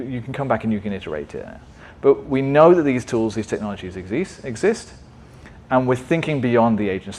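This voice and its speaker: A man presenting at a tech meetup in a conversational way, often checking in with the audience. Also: lowish voice. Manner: conversational, asks frequent "right?" checks. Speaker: conference speaker.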